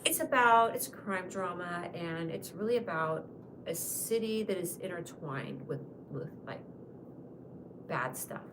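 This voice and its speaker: A woman comedian hosting her own livestream, chatting loosely and giggling, often talking loudly and at times yelling. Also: on the low side, measured pace, background noise. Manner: giggly and scattered. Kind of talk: rambling casual livestream chat. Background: piano playing.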